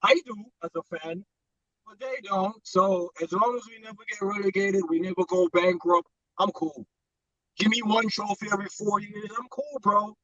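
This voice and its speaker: A middle-aged man from the United States, calling in to a fan show. His voice sits high for a man, and he talks in animated, joking slang. The call sounds distant and dull, as if from far off the mic. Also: moderate pace, no echo. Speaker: caller. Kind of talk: casual call-in chat.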